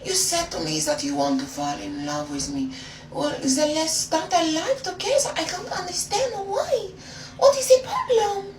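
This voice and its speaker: A woman's voice: very high voice, very animated, moderate pace, echoey room, distant mic, pitched above the performer's own voice. A woman voicing a flirty woman who fakes a French accent, sweetly coaxing and calling her date darling. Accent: fake French.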